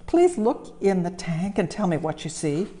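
A woman's voice: fairly low pitch, very animated, moderate pace, warm tone. A woman playing a prim, fussy inspector. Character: fussy male railway inspector. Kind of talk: read-aloud storybook voice.

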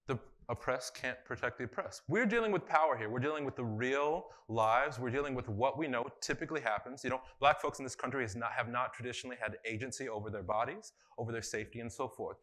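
A man runs a live workshop in a conference room, his voice bright and forward. He talks in a loose, conversational way, full of fillers, and keeps throwing questions out to the audience. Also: medium pitch, quick pace, hardly any pauses. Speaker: workshop facilitator.

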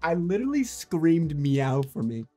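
Goofy guy on a headset in voice chat, swoopy voice all over the place, slow and teasing. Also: fairly high pitch, very animated, soft background music. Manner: teasing, goofy, with sudden squeals and shouts. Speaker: gamer and video host. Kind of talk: playful voice chat while gaming.

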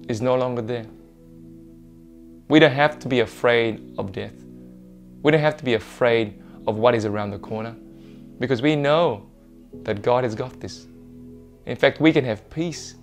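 A man preaching an Easter sermon as pastor, earnest and reassuring, repeating his points for emphasis. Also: mid-range voice.

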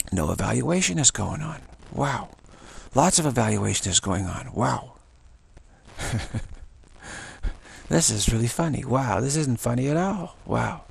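A man leading a spoken meditation practice, repeating the same word again and again between short phrases in an unhurried, musing way. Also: mid-range voice, animated, gravelly, breathy edge. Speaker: meditation teacher.

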